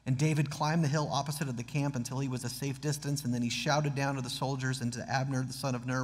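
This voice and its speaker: A man's voice: mid-range voice, steady tone, quick pace, few pauses, long reverb tail. A man preaching a sermon as pastor, earnest, reading scripture aloud with dramatic emphasis. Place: church sanctuary.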